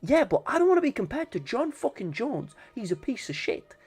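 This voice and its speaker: A man's voice: very high voice, sing-song, fairly quick, slightly rough. A man streaming casually, swearing and bantering with his chat.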